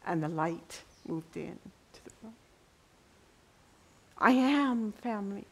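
A middle-aged woman preaching a sermon with passion, dropping to a hush and rising to ringing cries. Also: medium pitch, animated, takes it slowly. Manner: impassioned, swings from hushed to ringing cries.

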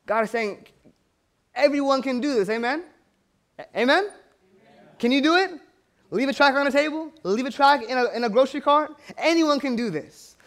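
A man's voice: very high-pitched, expressive, a little fast, a bit bright. A man preaching a sermon, telling stories and calling out for amens from the congregation. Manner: storytelling preaching with frequent call-outs for amen. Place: church.

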